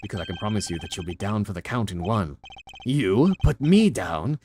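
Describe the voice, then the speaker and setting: A man putting on a rough-edged convict boxer who talks in clipped street slang. The voice is tough and cocky, with an accent that keeps slipping. It sounds like game dialogue read aloud on a stream. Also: fairly low pitch, lively intonation, normal speed, a little mellow. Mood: gruff. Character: gruff male inmate boxer, tough-talking.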